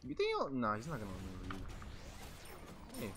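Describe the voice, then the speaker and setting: A young man commentating his own video game match live, excitable and laughing, swearing and trash-talking as he plays. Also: lowish voice, brisk, pauses often. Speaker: gaming streamer.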